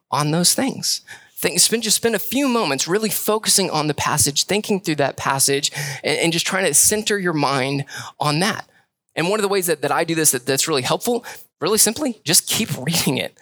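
A young pastor delivers a relaxed, conversational sermon, often repeating himself for emphasis. His voice is bright and forward, and the sound is close and dry, with no room around it. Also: on the high side, dry recording. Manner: conversational preaching with repeated phrases.

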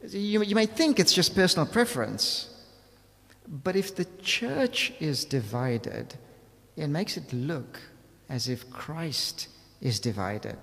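A man preaching a sermon in a lively, conversational way, asking his listeners rhetorical questions. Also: on the high side, slow pace, big-room sound.

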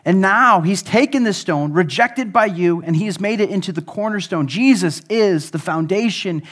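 A man pastor giving a conversational sermon, animated, acting out the people he quotes. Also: high voice, normal speed.

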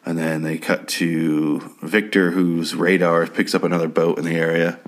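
Deep-voiced sarcastic man ranting. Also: level tone, normal speed. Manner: profane, sarcastic, rambling. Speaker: TV episode reviewer. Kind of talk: casual spoken recap and review.

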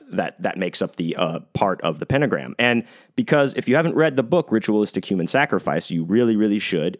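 A man hosting a podcast on his own, talking casually and rambling, with lots of swearing and fillers. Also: sits low. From United States. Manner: rambling, profane, many fillers and restarts. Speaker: podcast host. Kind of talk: casual solo podcast monologue.

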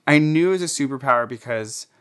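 A man's voice: mid-range voice, quick pace, fairly bright tone, clear, resonant tone. Chatty man telling frank stories. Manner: chatty, frequent fillers, laughs often. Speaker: interviewee. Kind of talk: candid personal storytelling.

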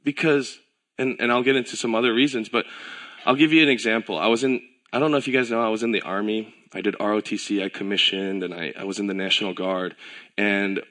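A man giving a casual, conversational sermon. He tells stories in a relaxed way, uses filler words, and acts out the voices he quotes. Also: on the low side, fast. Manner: relaxed storytelling with filler words and self-corrections. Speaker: pastor.

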